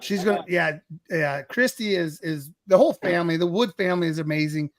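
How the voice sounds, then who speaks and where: A middle-aged man hosts a casual livestream show over a video call. His voice sits a little high, and he rambles, apologizes and restarts his sentences often. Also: fairly quick, crowd noise. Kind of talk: casual chat.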